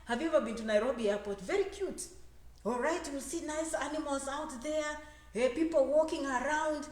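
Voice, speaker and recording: A woman giving a lively motivational talk on immigration to an audience. She acts out quoted voices and repeats phrases for emphasis. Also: high-pitched, normal speed. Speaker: immigration advisor and speaker. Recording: echoey room.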